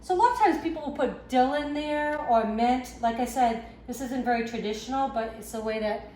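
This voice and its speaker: A woman's voice: sits high, fairly quick. A woman with a Boston accent, a home cook chatting casually through a cooking demonstration in her kitchen, with self-deprecating asides. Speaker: home cook, channel host. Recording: echoey kitchen with faint background noise.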